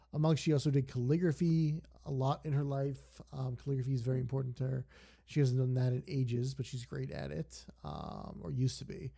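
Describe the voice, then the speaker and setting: His mid-range voice carries vocal fry and a warm tone as he plays on stream. The young man talks casually, sliding into lengthy, digressive tales.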